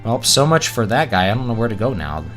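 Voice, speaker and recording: A man's voice: medium pitch, sing-song, fast talker, a bit bright, soft background music. A man from East Texas chatting casually while playing a video game, rambling from topic to topic and laughing often. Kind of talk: casual gameplay commentary.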